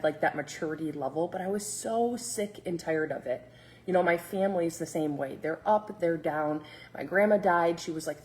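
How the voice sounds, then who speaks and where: A woman's voice: fairly low pitch, darkish tone, poor audio. A woman in her thirties hosting a live breakfast stream, chatting to viewers and acting out quoted dialogue. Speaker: fitness coach host.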